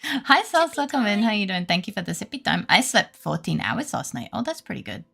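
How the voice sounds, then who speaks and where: Sweary British woman streamer, gravelly edge. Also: mid-range voice, very animated, quick pace, fairly bright tone. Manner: rambling, sweary, self-deprecating, laughs often. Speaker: live streamer. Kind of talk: casual chat with live viewers.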